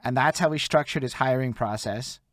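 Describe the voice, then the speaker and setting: A young man from Montreal hosts a loose interview. He is excitable and profane, and he keeps repeating the guest's points back. His voice is recorded close and dry, with no room sound. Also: mid-range voice, moderate pace, dry recording. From Montreal, Canada. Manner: excitable, profane, restates and recaps. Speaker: podcast host. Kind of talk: casual interview chat.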